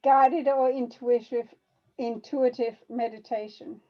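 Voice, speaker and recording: A woman's voice: a little high, steady tone, slow pace. Upbeat female host, dull lo-fi audio. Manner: encouraging, upbeat. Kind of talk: interview, rapid-fire questions.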